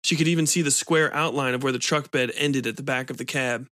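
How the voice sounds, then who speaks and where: Man reading dark fiction, steady and measured, dry close sound. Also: mid-range voice, dry recording. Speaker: narrator.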